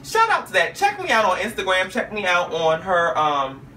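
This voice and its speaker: A man telling a story in a vlog with flamboyant, sassy flair, peppering his talk with "okay?" and "honey" and jumping into high squeals for his own quotes. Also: huge pitch swings, normal speed, pushed and bright, distant mic, a little hiss or hum. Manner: jumps into high squeals when quoting himself. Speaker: vlogger recounting a talk show visit.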